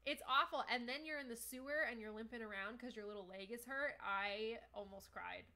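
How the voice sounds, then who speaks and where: A woman's voice: on the high side, brisk, pushed and bright. A young woman casually commenting on a game as she plays it, reading chat aloud and swearing often. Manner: chatty, swears a lot, reads chat aloud. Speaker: streamer. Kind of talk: live gameplay commentary.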